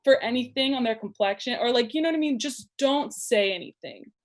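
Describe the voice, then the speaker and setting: A woman's voice: fairly high pitch, a little fast. A woman hosting a talk show panel, speaking in an emphatic way to drive her point home. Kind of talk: casual panel discussion.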